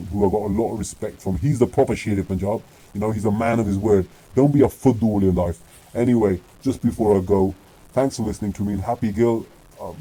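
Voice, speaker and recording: Guy ranting and scolding, lots of swearing, very dark mellow voice. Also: on the low side, breathy edge, rough recording. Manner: blunt and scolding, swears freely, switches between English and Punjabi. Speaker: commentator. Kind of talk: video rant.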